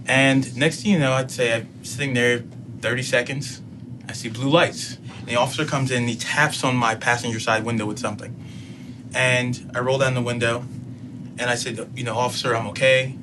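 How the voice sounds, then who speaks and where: A man in his thirties, a councilman and student, telling a personal story in an interview in a measured way, quoting what was said. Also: mid-range voice, steady tone, noisy background. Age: 30s. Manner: measured, recounting events with quoted dialogue.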